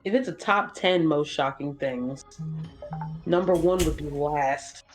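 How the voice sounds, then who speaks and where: A co-host of a gaming channel rambles through a casual chat while playing, leaning on fillers and dropping swears without a second thought. The voice sits at an ordinary middle pitch. Soft game music hums in the background. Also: a little slow.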